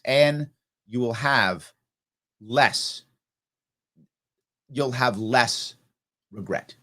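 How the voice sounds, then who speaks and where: A man's voice: mid-range voice, fairly bright tone. A man in his forties hosting a show, speaking earnestly and emotionally in a heartfelt personal monologue with repeated emphasis. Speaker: show host.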